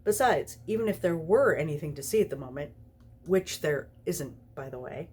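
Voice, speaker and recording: A woman's voice: low voice, animated, normal speed, darkish tone, slightly rough. A tipsy woman voicing a sly, teasing male demon in a story reading, amiable and mocking. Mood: laughing mockery.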